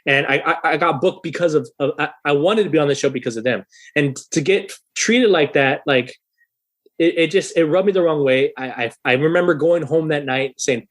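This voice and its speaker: A thirty-year-old man telling a story in a casual podcast interview, animated and profane, loudly acting out the people he quotes. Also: fairly high pitch, a little fast. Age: 30s. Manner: animated, swearing, acts out quoted voices loudly. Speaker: guest musician.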